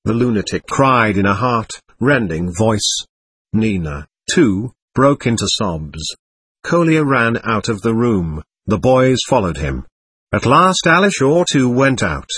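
A man narrating a novel as an audiobook, reading in an expressive, lively way. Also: medium pitch, measured pace, breathy edge, dry recording.

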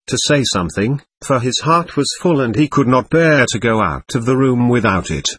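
A man reading a classic novel aloud as an audiobook narrator, with expressive, varied delivery. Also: mid-range voice, slightly rough, dry recording.

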